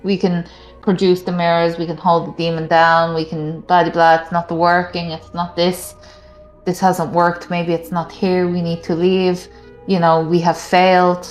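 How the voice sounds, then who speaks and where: A woman's voice: on the low side, flat delivery, moderate pace. A woman playing a tabletop game, who hesitantly explains her character's plan step by step. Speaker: player. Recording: echoey room with music behind.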